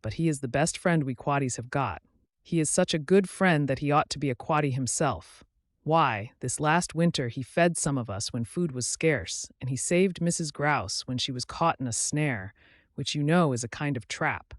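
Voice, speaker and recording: An eager, good-hearted young rabbit, as a man reading aloud puts him on, earnest and quick to reassure. His voice sits a little high and the recording is dry and close. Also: no room sound, close to an everyday voice.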